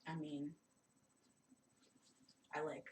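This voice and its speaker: A woman's voice: sits low, little pitch movement, extremely slow, a little mellow. A woman playing in a tabletop game, talking hesitantly with many fillers. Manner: hesitant, lots of "like". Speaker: player. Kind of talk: casual play and in-character talk. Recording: distant, roomy mic with faint noise.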